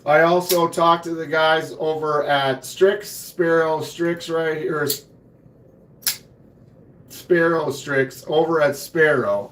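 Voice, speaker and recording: A man with a hoarse voice hosting a casual live stream from his home knife room, laid-back and chatty, often clearing his throat. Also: on the high side, steady tone, takes it slowly, fairly bright tone, echoey room, slight background noise. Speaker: knife channel host.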